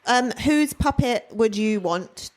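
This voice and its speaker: A woman's voice: fairly high pitch, animated, slow pace. A woman co-hosting a podcast, chatting in a dry, matter-of-fact way. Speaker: podcast co-host. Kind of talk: casual chat.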